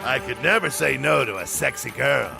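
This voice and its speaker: A man's voice: mid-range voice, expressive, normal speed, vocal fry. An actor playing a sleazy, lecherous male crime boss in a video game, drawling and leering. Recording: game audio clip with music. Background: game music.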